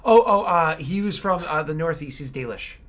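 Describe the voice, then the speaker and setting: A man's voice: on the high side, lively intonation, moderate pace, fairly bright tone. A man running a tabletop game as game master, narrating in an easygoing, meandering way.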